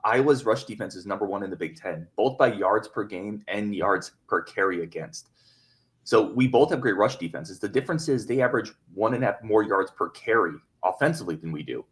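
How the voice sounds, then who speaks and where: Low-voiced male sports podcast host. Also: animated. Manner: analytical, measured, weighing arguments.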